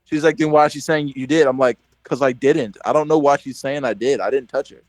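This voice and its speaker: Young male podcast host, casual, animated storyteller, dry close sound. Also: mid-range voice, a little fast, dry recording, low-quality recording. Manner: animated storyteller, heavy "like" filler, acts out quotes.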